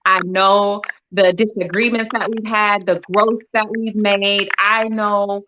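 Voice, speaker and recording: Woman guest, gushing, emotional, noisy call audio, mid pitch. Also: flat delivery, slow pace, pushed and bright. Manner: effusive, emotional, repeats words. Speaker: guest artist. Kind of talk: casual panel chat.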